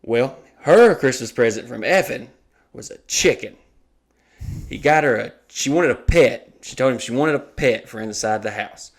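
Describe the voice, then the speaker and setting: A man's voice: medium pitch, moderate pace. A man telling a funny story on a comedy podcast, swearing a lot and acting out the voices of the people in it. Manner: animated, acts out quoted voices, swears a lot. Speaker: podcast co-host.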